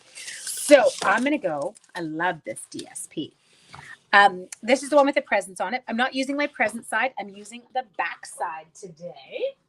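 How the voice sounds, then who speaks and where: Expressive and mid-pitched at a moderate pace, this middle-aged woman leads a live card-making tutorial over slight background noise. She chats loosely, says hello to viewers by name, pokes fun at herself, and wanders into stories mid-task.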